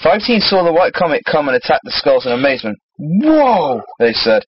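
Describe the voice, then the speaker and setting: A man's voice: mid-range voice, animated, fast, slight background noise. A man reading a story aloud for laughs and trading crude joking banter with a co-host. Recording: dull lo-fi recording.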